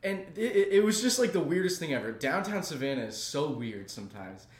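A man's voice: fairly high pitch, sing-song, a little fast. A young man co-hosting a podcast, telling stories in a casual, joking way. He laughs as he talks and acts out the voices of the people in his stories. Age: young adult. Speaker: podcast co-host. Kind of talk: casual comedic storytelling. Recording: echoey room.

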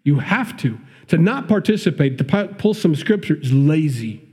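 A man's voice: a little high, big pitch swings, moderate pace, a little mellow, slightly rough. A man with a Midwestern accent preaching a sermon, reading scripture and breaking off into conversational, emphatic commentary. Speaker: pastor.

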